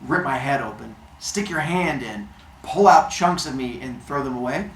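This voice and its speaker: A woman voicing a brash, impulsive male king god who whines and shouts like a child, in a comic retelling of a myth. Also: rumbling low, animated, normal speed. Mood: pained, eager. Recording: roomy echo, faint ambience.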